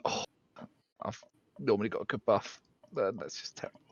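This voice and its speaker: A man playing a tabletop game, rambling excitedly as he explains his character's moves. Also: lowish voice, fairly quick, breathy edge, lo-fi sound. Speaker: player. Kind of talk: casual tabletop game chat.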